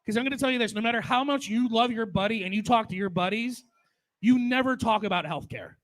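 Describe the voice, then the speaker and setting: A man's voice: very high-pitched, fast. A man in his forties doing crude, profane stand-up storytelling at a memorial. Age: 40s. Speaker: stand-up comedian.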